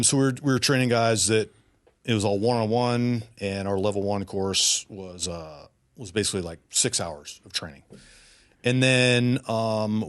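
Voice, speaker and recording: A man talking as a podcast guest, telling stories in an animated, laid-back way and swearing freely. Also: fairly low pitch. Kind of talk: casual storytelling.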